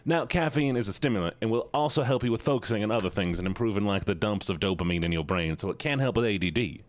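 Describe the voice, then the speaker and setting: A fast-talking, expressive man chats casually with his stream viewers, often making himself the butt of the joke. The recording is dry, and his self-mocking playfulness is marked by abrupt leaps in pitch.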